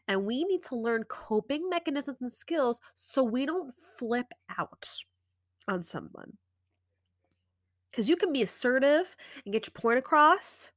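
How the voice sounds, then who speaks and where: A woman in her thirties hosting a podcast, giving casual advice and acting out inner dialogue in an animated way. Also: fairly high pitch, dry recording, clean studio sound. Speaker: podcast host.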